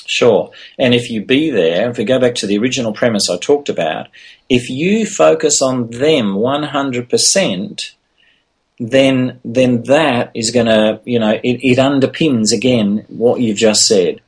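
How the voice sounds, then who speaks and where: A man's voice: medium pitch, unhurried, slightly rough. A man talking earnestly as a guest in an interview, with frequent restarts. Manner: earnest, many restarts and "you know". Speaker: podcast guest. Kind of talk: casual interview talk.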